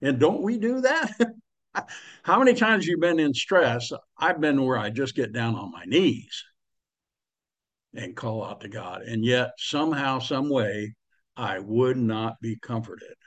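A man's voice: mid-range voice, expressive, a little slow, fairly bright tone. A man preaching a sermon in a folksy, conversational way, with slang and asides to the listeners.

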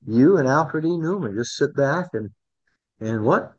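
A man's voice: medium pitch, expressive, unhurried. A man teaching a Bible study class in a conversational way, often repeating words and asking the group questions. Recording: dull lo-fi recording.

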